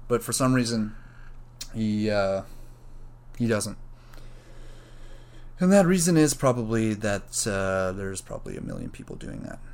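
A man hosting a solo podcast, rambling casually and thinking out loud, with plenty of swearing and filler words. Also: fairly low pitch, gravelly. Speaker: podcast host.

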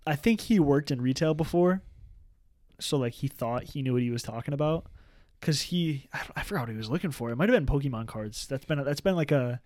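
A man's voice: medium pitch, expressive, brisk, darkish tone, dry recording. Young male podcast co-host, casual, rambling storyteller, lots of filler words. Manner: rambling storyteller, many restarts and "like". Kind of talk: casual chat.

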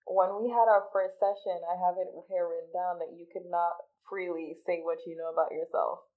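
A woman's voice: lowish voice, flat delivery. Gushing coach woman on a tinny line. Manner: effusive and encouraging, quick to get emotional. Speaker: life coach and podcast host. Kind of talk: coaching session on a podcast.

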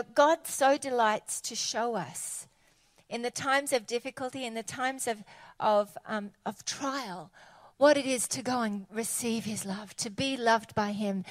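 A woman preaching a sermon in an animated, conversational, enthusiastic way. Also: on the high side, a little slow, dry recording.

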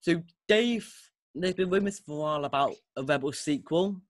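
This man hosts a casual podcast, speaking in a little-high voice at a moderate pace with no room sound. He comes across as enthusiastic and rambling, frequently restarting his sentences.

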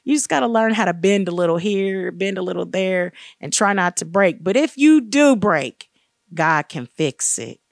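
A woman's voice: lively intonation, normal speed, gravelly, dry recording. Earnest woman sharing faith testimony, dry sound. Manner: earnest and encouraging, acts out quoted dialogue with raised pitch. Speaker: guest speaker sharing testimony. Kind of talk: faith-based personal testimony.

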